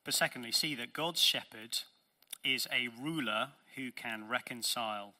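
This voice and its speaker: A man's voice: medium pitch, normal speed, sharp tone. A man preaching a sermon as pastor, earnest and emphatic, posing rhetorical questions to his congregation.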